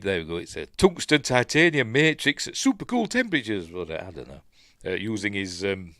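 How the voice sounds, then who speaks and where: A man's voice: lowish voice, a bit bright, dry recording, clean studio sound. A man with a Yorkshire accent hosts a podcast and recaps a film in casual chat, rambling and self-deprecating, with lots of fillers and asides. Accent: Yorkshire English. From Yorkshire, England. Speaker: podcast host reviewing films. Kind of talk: casual movie recap and commentary.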